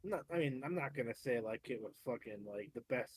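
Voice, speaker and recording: A man's voice: medium pitch, lively intonation, brisk, darkish tone, breathy edge. A man co-hosting a podcast, giving laid-back opinions on a wrestling match with lots of hedging and some swearing. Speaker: podcast co-host. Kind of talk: casual chat recapping wrestling.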